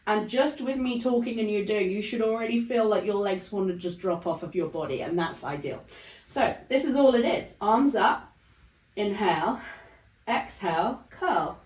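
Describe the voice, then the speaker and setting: A woman leading a Pilates class, calmly talking through the moves while she demonstrates them. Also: mid-range voice, moderate pace, echoey room, low-quality recording. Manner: calm counting of breaths while demonstrating. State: breathless, counts fading to breathy whispers during exertion. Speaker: Pilates instructor. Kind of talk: guided exercise instruction.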